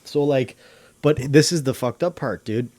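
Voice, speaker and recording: A man's voice: mid-range voice, normal speed, a little mellow, no echo. A man hosting a livestream, chatting casually in a rambling way, full of swearing and slang. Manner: rambling conspiracy talk. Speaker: livestream host.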